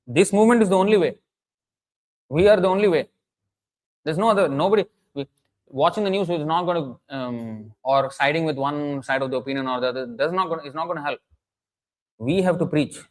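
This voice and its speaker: A man's voice: medium pitch, poor audio. Earnest man preaching. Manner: emphatic, earnest, with frequent restarts and chanted Sanskrit verses. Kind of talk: sermon lecture.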